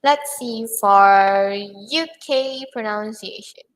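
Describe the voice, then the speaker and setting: Slow, patient woman teaching English. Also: mid-range voice, rough recording. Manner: patient, repeats words slowly for learners. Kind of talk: online pronunciation lesson.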